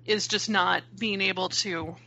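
A woman's voice: medium pitch, fairly even intonation, a little slow, pushed and bright. A woman co-hosting a podcast, chatting casually with a wry, exasperated tone. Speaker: podcast co-host. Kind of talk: casual chat.

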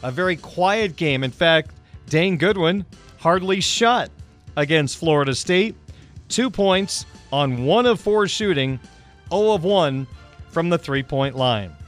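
A man hosting a sports radio show, reading off scores and plugs in a brisk broadcast delivery. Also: fairly high pitch, fairly bright tone.

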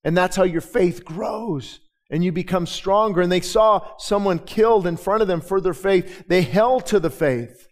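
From a church with a balcony, a high-voiced male pastor preaches, his sermon shifting from gentle, halting narration to fervent, loud proclamation that keeps repeating phrases.

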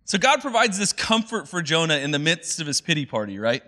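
A male pastor preaching a sermon in a casual, animated, conversational way. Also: on the high side, fairly quick.

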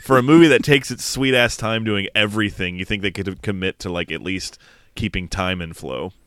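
Podcast co-host, deep smooth male voice, profane joking recapper, dry close sound. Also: brisk, a bit bright, dry recording. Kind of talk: casual movie review chat.

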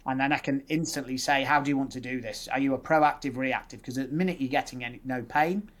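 Yorkshire guy, dentist on a podcast, walks through options one by one, middle pitch voice. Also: fast talker. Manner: explanatory, lists options in steady sequences. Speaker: dentist guest. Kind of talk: conversational podcast interview.

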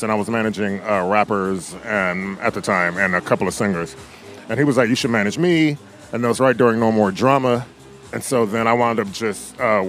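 A man being interviewed, telling stories in a lively way and acting out other people's lines. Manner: animated storyteller, acts out quotes in a higher voice. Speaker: podcast guest. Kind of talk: casual interview chat.

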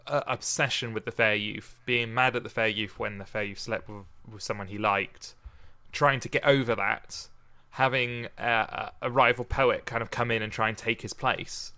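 Bright-voiced man hosting a podcast. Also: medium pitch, fairly even intonation, clear, resonant tone. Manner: measured verse reading, then chatty with restarts. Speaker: podcast host. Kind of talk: casual podcast chat and sonnet reading.

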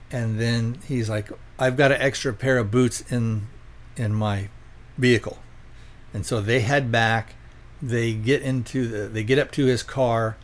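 Male podcast host, mid-pitch, casual rambling plot recap with offhand quoted lines. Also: moderate pace. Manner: rambling, quotes characters loosely, lots of fillers. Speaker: podcast host reviewing films.

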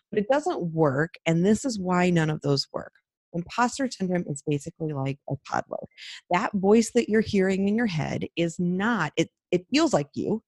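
A woman's voice: on the low side, darkish tone, dry recording, studio quality. A woman coach talking casually and explaining, often checking in with "right?" and acting out the inner voices she describes.

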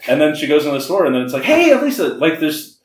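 A man's voice: a little high, fairly even intonation, quick pace. A man co-hosting a podcast, recapping a movie in casual chat, laughing often and acting out the characters' lines. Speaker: podcast co-host. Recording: echoey room, voice a bit far from mic.

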